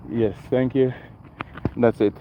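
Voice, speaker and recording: A man's voice: medium pitch, steady tone, slow, dull audio, slight background noise. A man hosting a casual live walking vlog on a residential street, chatting with viewers and greeting them by name. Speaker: livestream host.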